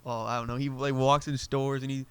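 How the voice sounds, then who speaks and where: A man's voice: medium pitch, level tone, a little fast, clean tone. Laid-back, slangy male podcast co-host. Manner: laid-back, slangy, trailing off mid-sentence. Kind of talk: casual chat.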